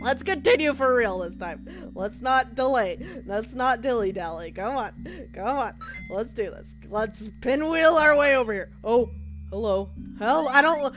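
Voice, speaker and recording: Female gamer, high and unhurried, jokey commentary that jumps to shrieks. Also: animated, faint music behind. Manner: jumpy, shrieks at scares, jokey banter. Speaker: video game player. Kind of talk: horror game play-through commentary.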